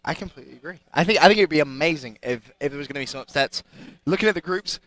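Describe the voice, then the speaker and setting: A man with a British accent who casts esports fast and builds hype with every line. His voice is a touch high, bright and forceful. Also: expressive, no echo. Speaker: esports caster. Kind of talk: live esports commentary.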